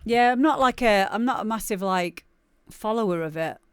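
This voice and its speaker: Brief: female stream host, smooth clear voice, dry close sound, loose giggly chatter. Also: mid-range voice, animated, moderate pace, no room sound. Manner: chatty and giggly, rambling with many fillers. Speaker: livestream show host. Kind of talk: casual livestream chat.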